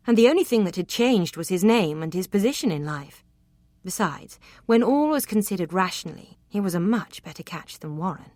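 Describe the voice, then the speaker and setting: A woman narrating a romance novel, with an expressive, even reading. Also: lowish voice, no room sound. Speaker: audiobook narrator.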